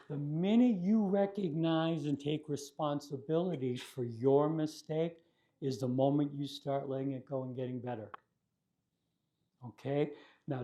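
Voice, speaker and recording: Mellow-voiced man telling a lesson story. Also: on the high side. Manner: gentle, often checking in with "okay?". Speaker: martial arts instructor.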